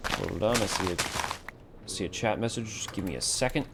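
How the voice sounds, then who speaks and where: A man with a low, gravelly voice talks casually through a live game stream from a warm room at home, half muttering to himself and half chatting with viewers. Keyboard typing and steady noise sit under his voice. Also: normal speed.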